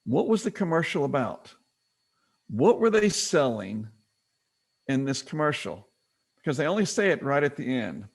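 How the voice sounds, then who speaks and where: A middle-aged man presenting a business training webinar, teaching in a conversational way and retelling stories with quick acted quotes. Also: fairly high pitch, big pitch swings, creaky.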